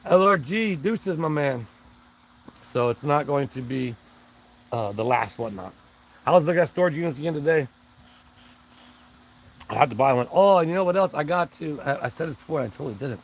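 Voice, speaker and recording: A man's voice: on the high side, expressive, a little fast, pauses often, poor audio. A man hosting a casual live stream, rambling along and greeting viewers by name. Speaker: livestream host.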